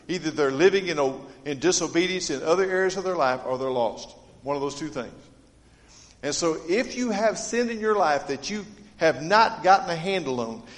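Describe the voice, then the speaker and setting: A man preaching a sermon to his congregation, earnest and dynamic, swinging from loud appeals to hushed, quiet lines. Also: sits high. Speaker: pastor. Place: church. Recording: long reverb of a church sanctuary.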